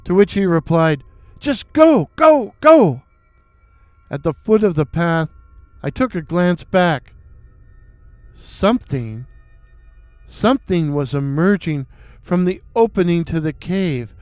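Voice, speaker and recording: A man narrating a listener's story aloud, dramatic, with dry deadpan asides. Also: a little high, moderate pace, clear, resonant tone, no room sound, faint music behind. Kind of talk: reading listener stories aloud.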